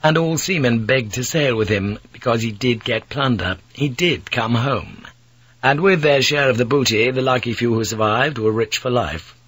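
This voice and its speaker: Guy reading an audiobook, husky breathy voice, middle pitch, dramatic but measured. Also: fairly bright tone, no echo, poor audio. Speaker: audiobook narrator. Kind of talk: scripted audiobook narration.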